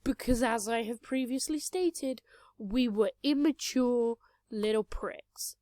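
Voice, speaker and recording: Speaking slowly in a warm, rather high voice, a young woman retells a tabletop game she played, rambling with crude, self-deprecating jokes. The recording has no echo, though it comes from a cheap home mic.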